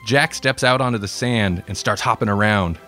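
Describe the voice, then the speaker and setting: A man reading a comedic story aloud in a relaxed way, with dry asides. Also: on the low side, normal speed, faint music behind. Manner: relaxed, self-deprecating asides.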